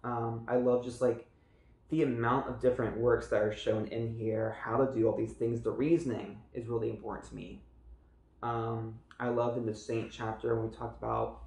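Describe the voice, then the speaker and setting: Earnest gravelly-voiced man reviewing a book. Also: mid-range voice, flat delivery, moderate pace, darkish tone, echoey room, rough recording. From United States. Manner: earnest, chatty, with frequent fillers and restarts. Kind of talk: casual video book review.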